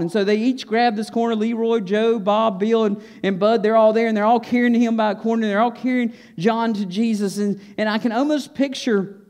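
A man's voice: sits high, fairly even intonation, fast talker, a little mellow. A man preaching a sermon as pastor, retelling a scripture story with voiced characters and emphatic asides.

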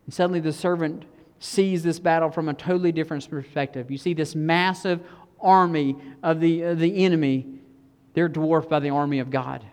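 A preacher giving a conversational sermon who drops to hushed tones for emphasis. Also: mid-range voice, fairly even intonation, normal speed, clean tone, in a large hall.

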